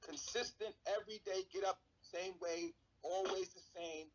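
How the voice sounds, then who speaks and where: A man's voice: sits high, steady tone, normal speed, highs cut off. A man on a live stream talking bluntly and emphatically, swearing often. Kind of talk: casual live-stream talk.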